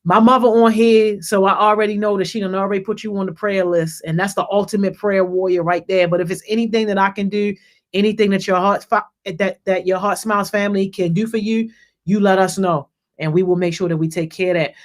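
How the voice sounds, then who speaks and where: Youth leader hyping up the kids, says yo every other word, mid pitch voice, gets louder calling out names. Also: brisk. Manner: peppers speech with "yo", repeats and restarts phrases; energetic, rises in pitch and volume when greeting people by name. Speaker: youth program leader hosting a group call. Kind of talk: casual shout-outs and encouragement.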